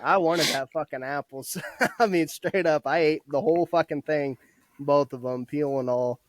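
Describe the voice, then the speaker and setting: A man's voice: on the high side, normal speed, no echo. Young man telling army stories, laughing. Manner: laughs often, swears freely. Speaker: podcast guest, former soldier. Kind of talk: casual storytelling.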